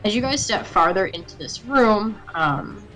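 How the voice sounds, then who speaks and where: Bright-voiced woman running a tabletop game. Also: medium pitch, animated, a little slow, soft background music, rough recording. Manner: descriptive with many fillers. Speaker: game master. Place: home setup on a live stream.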